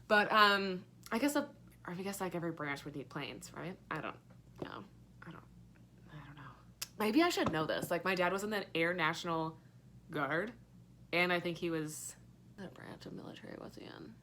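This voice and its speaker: A woman's voice: fairly low pitch, expressive, moderate pace, sharp tone, a little hiss or hum. Sarcastic young woman rambling about a book. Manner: rambling, sarcastic, swears a lot, many fillers. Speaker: book reviewer. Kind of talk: casual book review chat.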